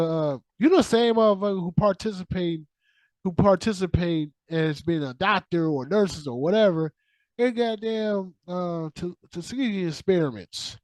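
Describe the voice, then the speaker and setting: The voice is high and the pace measured as a male podcast host delivers a casual, profane rant, recorded dry. He's animated, circles back to the same points, keeps restarting, and tapers off with fillers.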